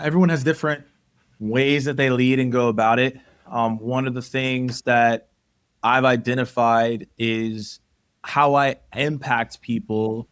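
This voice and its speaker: A man appears as a guest on a podcast, chatting casually and telling lively stories in which he acts out what people said. His voice is medium in pitch.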